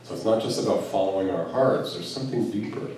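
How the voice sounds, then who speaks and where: Deep-voiced man preaching in an echoey hall. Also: quick pace, mellow, a little hiss or hum. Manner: storytelling, musing, chuckling often. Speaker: Sufi teacher. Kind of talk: spiritual talk to a live gathering. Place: large hall at a spiritual retreat. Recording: echoey hall recorded from a distance.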